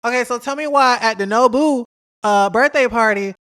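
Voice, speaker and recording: A man hosting a celebrity gossip vlog, talking in a chatty, animated way, throwing shade and mimicking people he talks about. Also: extremely high pitch, clean tone. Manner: says y'all, drawn-out emphasis. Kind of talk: casual gossip commentary.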